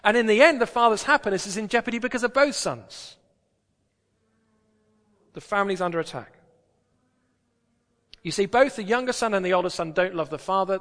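A man's voice: sits high, a bit bright, big-room sound. A British man preaching a sermon in a church, talking in a conversational, emphatic way with rhetorical questions.

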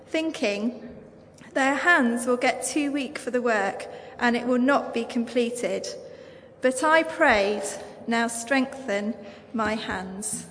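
A woman with an English accent reading a Bible passage aloud in church, measured and formal. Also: high-pitched, fairly bright tone. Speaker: Bible reader. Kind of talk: scripture reading. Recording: long church reverb.

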